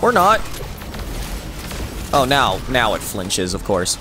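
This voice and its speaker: A young man giving excitable game commentary, laughing and talking back at the game as he plays. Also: on the low side, slow pace, over music. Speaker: gaming YouTuber.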